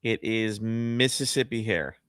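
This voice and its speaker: A man's voice: unhurried, a bit bright, clear, resonant tone, dry recording. Laughing bearded man, dry close sound. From New Jersey. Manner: laughs often, breaks into falsetto voice bits. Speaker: guest co-host. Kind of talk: casual chat.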